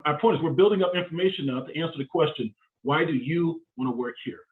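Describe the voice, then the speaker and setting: A man giving a live career seminar in an energetic, emphatic way, driving points home with short repeated phrases. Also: a little high, quick pace. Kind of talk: motivational seminar talk. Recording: phone-like narrow band.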